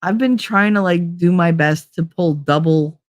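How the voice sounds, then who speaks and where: A woman's voice: on the low side, unhurried, dry recording. A middle-aged woman talking candidly in a rambling podcast monologue, acting out quotes and laughing often. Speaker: podcast host. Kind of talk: casual monologue.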